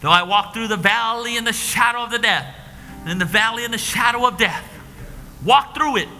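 High, bright-voiced preaching man. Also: moderate pace, soft background music. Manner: preaching with swings from whispers to shouts. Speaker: pastor. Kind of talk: sermon. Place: church sanctuary. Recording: live church stream with long hall reverb.

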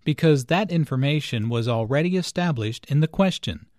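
A man narrating a scripted English lesson, explaining each point slowly and deliberately. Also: on the high side, lively intonation, a little mellow, no echo, clean studio sound. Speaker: English teacher.

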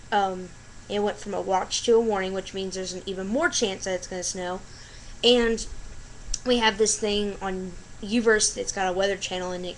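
A woman vlogging casually to camera at home at night, gushing and excitable, full of filler words. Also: mid-range voice, slight background noise, rough recording.

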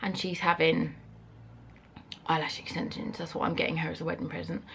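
A woman in a casual home vlog, talking frankly and easily, a little out of breath now and then. Her voice has a slightly gravelly, creaky texture at a middle pitch. There is a faint hiss behind her. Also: little pitch movement, brisk. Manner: casual, chatty and frank, with some swearing. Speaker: vlogger and mum. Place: family house indoors.

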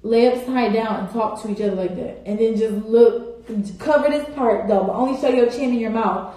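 A young woman with a fairly high, warm voice chats casually and rambles to her viewers on a phone live stream at a moderate pace, using lots of "like" and "y'all." The phone recording sounds very echoey, as if in a big room.

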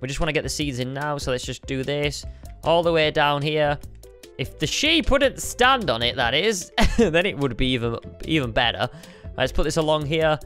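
An upbeat young man commentates his own gameplay, chatting to viewers as he builds. His voice sits a little high for a man. Faint music plays under him. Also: expressive, normal speed, fairly bright tone. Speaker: gaming video host. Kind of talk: game commentary.

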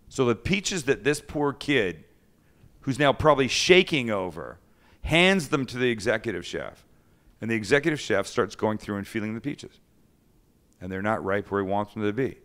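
A man in the middle of a casual chat, spinning a story with plenty of swearing. His pitch rises and falls a lot as he acts out each person he quotes. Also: expressive, moderate pace, fairly bright tone. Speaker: host.

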